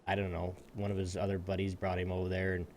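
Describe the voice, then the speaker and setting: A man co-hosting a gaming podcast, telling a long anecdote in a casual, animated way and acting out the people in it. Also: low voice, quick pace, a little hiss or hum. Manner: animated, acts out voices in anecdotes. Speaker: podcast co-host. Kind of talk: casual storytelling.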